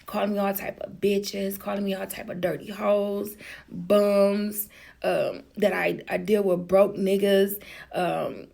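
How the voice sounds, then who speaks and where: A woman's voice: medium pitch, level tone, slow, creaky, a little mellow. A woman vlogger telling a personal story to the camera in a blunt, chatty, profane way.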